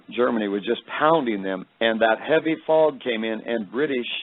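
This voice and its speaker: A man giving a personal testimony, telling his story in a halting, rambling way with many fillers, his voice deep and tired tonight. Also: no echo. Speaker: speaker recounting a vision. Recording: phone-like radio broadcast.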